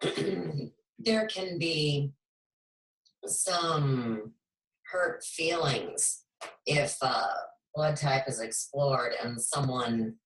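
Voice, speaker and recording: A woman hosting a spiritual talk show, speaking in a slow, measured, reflective way. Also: a bass voice. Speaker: host. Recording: echoey room, far from mic.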